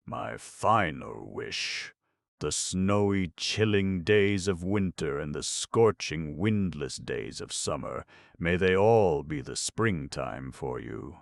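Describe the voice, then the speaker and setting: Courtly older detective in an audiobook, man reading, very deep gravelly voice, flowery clipped speech. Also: lively intonation, slow, dry recording, clean studio sound, heavily acted. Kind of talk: audiobook narration.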